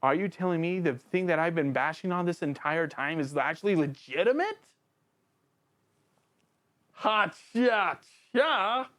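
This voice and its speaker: A channel host giving a casual, excitable spoken book review, joking around and talking straight to the author and characters. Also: fairly quick, few pauses. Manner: excitable and jokey, with big swings in pitch; addresses the author and characters directly, playful slang.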